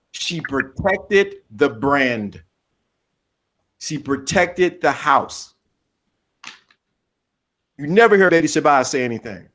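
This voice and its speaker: A man's voice: a little high, lively intonation, takes it slowly, long pauses, a bit bright. A man co-hosting a podcast, talking in an emphatic, preachy way. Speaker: podcast co-host. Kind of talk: casual podcast talk.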